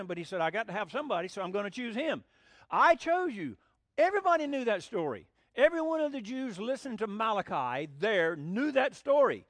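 A man's voice: sits high, no room sound. A man preaching a folksy, emphatic sermon and acting out the voices he quotes. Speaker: pastor.

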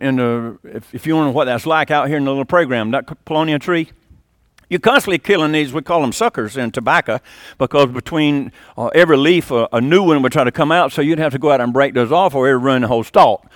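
An older man preaching a sermon as pastor, swinging between loud emphatic lines and quiet, low asides. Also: no echo, studio quality.

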